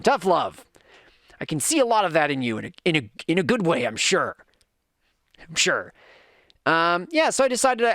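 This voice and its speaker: A man hosting a casual podcast and livestream, telling stories in an animated, chatty way and breaking off for asides to his chat. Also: on the high side, no room sound, clean studio sound. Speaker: podcast host and father.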